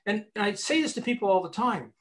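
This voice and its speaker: A man's voice: high voice, fast talker. A man who works as a recruiter and author, telling stories emphatically as a guest in an interview. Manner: animated storyteller, emphatic. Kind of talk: conversational interview.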